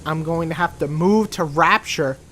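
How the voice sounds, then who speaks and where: A woman giving a casual game review, rambling and profane, joking around and breaking into sudden loud outbursts. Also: low voice, moderate pace, a little hiss or hum.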